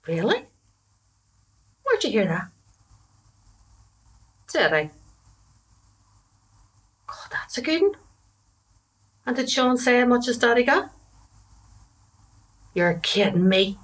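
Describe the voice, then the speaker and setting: A woman's voice: on the high side, big pitch swings, slow pace, long pauses. An actress playing a chatty, gossipy middle-aged mother with a Belfast accent. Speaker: mother and wife. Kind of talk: comedy drama acting.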